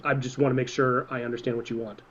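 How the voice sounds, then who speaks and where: A man's voice: medium pitch, flat delivery, fast talker, a bit bright. A man playing a tabletop game, talking hesitantly with stammering restarts, on a muffled lo-fi recording. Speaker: player. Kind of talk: casual tabletop game play. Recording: muffled lo-fi audio.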